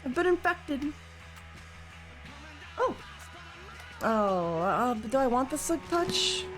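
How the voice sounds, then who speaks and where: A woman streamer chatting casually while she plays a game, joking and swearing, and now and then bursting into loud mock rants. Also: sits high, sing-song, slow pace, soft background music.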